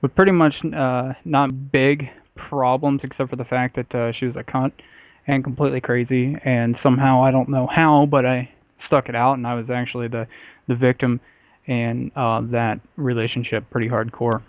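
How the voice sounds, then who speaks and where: Male podcast co-host, mid pitch, blunt and foul-mouthed, filler-heavy storyteller, dry, slightly muffled audio. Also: flat delivery, normal speed, no echo. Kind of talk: casual comedy podcast chat.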